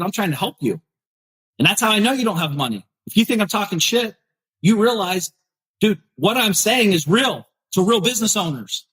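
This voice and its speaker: A man's voice: sits high, a bit bright, slightly rough, rough recording. A middle-aged man hosting a podcast, ranting bluntly and confrontationally with lots of swearing, talking straight at his listeners. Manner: confrontational, swearing, addressing viewers directly. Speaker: podcast host. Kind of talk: blunt profane rant.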